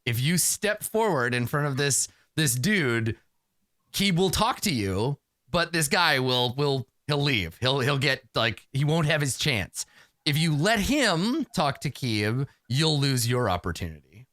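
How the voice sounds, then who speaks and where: Animated, bright-voiced man running a tabletop game. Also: medium pitch, a little slow, no room sound. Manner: rambling, animated storytelling with many fillers. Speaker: game master.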